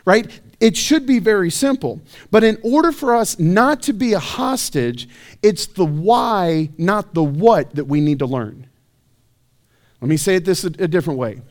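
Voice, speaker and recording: Male pastor, fairly high voice, casual preaching full of rhetorical questions. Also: expressive, moderate pace, darkish tone. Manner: conversational, self-deprecating, rhetorical questions. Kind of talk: sermon. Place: church.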